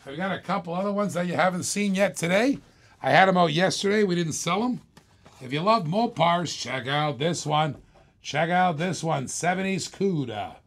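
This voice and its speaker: A man hosting a live-stream auction, pitching items in a hyped, repetitive salesman patter. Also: animated, moderate pace, gravelly, fairly bright tone.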